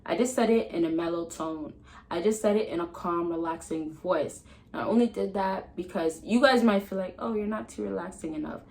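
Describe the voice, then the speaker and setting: A woman giving dating advice to camera in a casual vlog, chatty and emphatic, swinging between loud excitement and a soft calm tone, laughing often. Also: on the low side, normal speed, low-quality recording. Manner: laughs often mid-sentence.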